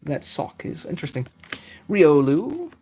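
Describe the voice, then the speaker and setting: A man's voice: on the high side, huge pitch swings, unhurried, darkish tone. A young man chatting casually on a live stream, reading out card names as he opens packs and answering his chat. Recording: faint music behind the voice.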